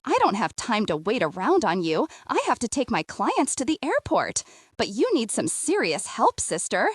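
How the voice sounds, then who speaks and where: A woman's voice: a little high, wildly swooping pitch, normal speed, breathy edge, dry recording, clean studio sound, heavily acted. A woman voicing a brash, rude middle-aged woman realtor who scolds and scorns. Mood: scolding.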